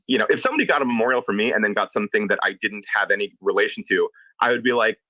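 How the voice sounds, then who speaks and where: A low-pitched man with a bright, forceful tone tells stories in a relaxed, animated chat. He slips into quoted voices and swears casually. The sound is dry and a little dull, like an online audio room. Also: quick pace, no room sound. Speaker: tattoo artist guest.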